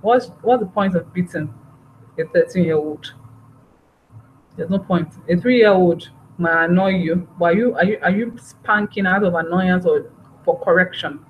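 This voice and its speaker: A woman's voice: fairly low pitch, normal speed. A woman giving a parenting workshop, talking earnestly and repeating her phrases. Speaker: parenting trainer. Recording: dull, slightly noisy recording.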